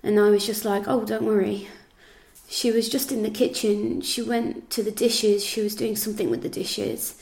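With a flat, slightly mellow delivery at normal speed and medium pitch, an English woman describes events she lived through. She is being interviewed, relays what was said in reported speech, and uses lots of fillers.

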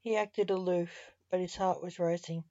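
A woman reading a story aloud in measured, soft-spoken narration, in a muffled lo-fi recording. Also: lowish voice, steady tone, no echo.

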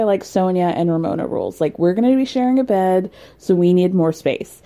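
A woman host chatting casually and wryly, with big leaps in pitch when she makes a point. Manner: chatty, wry, animated with big pitch jumps. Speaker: podcast host recapping reality TV. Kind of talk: casual chat.

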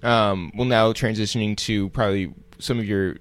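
A man's voice: on the low side, fairly even intonation, normal speed. A man hosting a podcast interview, asking easygoing questions and chiming in with short reactions. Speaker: podcast host. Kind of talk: casual interview chat.

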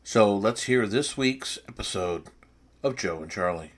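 A man's voice: on the low side, expressive, a little slow. A man giving an earnest, reflective scripted introduction as the host of a podcast.

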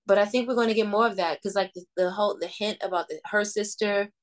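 A woman's voice: medium pitch, steady tone, quick pace. A woman co-hosting a podcast in casual chat, talking with enthusiasm and casual swearing. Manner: enthusiastic, chatty, profane. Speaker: podcast co-host.

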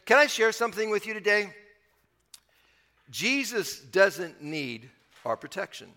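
A man preaching a sermon as pastor, conversational, pushing up on key points and dropping low to close thoughts. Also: big pitch swings, unhurried, pushed and bright, in a large hall.

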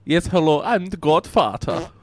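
A man's voice: a little high, moderate pace, dry recording, voice pushed up. A man voicing a pompous Italian mob boss caller with a thick put-on accent and mangled grammar, in improvised comedy. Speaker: comedy podcast co-host.

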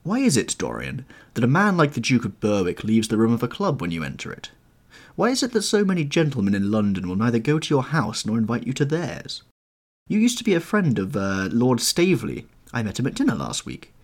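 A man's voice: medium pitch, wildly swooping pitch, fairly quick, pitched above the performer's own voice. A man voicing a grave, earnest male painter in an audiobook, pleading with mounting urgency. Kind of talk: audiobook character reading.

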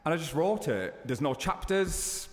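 A man in his thirties talks casually as an interview guest, spinning stories with animated leaps in pitch. His voice carries a long reverb tail, as if recorded in a hall. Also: unhurried. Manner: chatty, animated storytelling with sudden high bursts.

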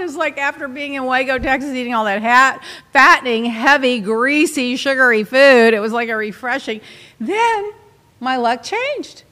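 A middle-aged woman with a high, sparkling voice tells a casual story in an animated, dramatic way, full of exclamations. Her voice carries a long reverb, as if from a large hall. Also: unhurried.

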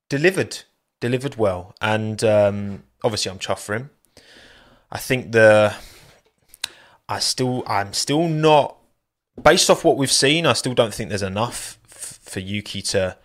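Casting: male podcast host, low-ish voice, chatty and jokey solo chat. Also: fairly bright tone. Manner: chatty, jokey, thanks listeners by name. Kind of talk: solo post-race chat.

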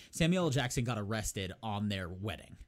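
Animated man retelling a movie. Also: lowish voice, moderate pace. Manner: rambling storytelling, profane, laughing at own jokes. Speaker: podcast co-host. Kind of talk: casual chat.

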